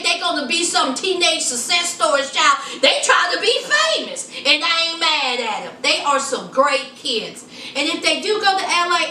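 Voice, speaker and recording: Sassy high-voiced woman gossiping. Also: pushed and bright, far from the mic, slight background noise. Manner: sassy, gossipy, teasing, calls viewers "child" and "honey". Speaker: reality TV reviewer. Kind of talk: casual TV recap vlog. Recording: echoey room, mic set back.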